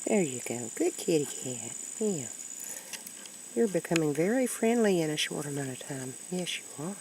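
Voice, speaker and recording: A woman with a low voice that swings up into high, lively cooing as she sweet-talks a kitten outdoors. She talks in sing-song baby talk. Faint insects buzz in the background of the handheld camera recording. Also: normal speed, slight background noise, low-quality recording. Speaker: pet owner talking to a kitten. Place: outdoors near woods.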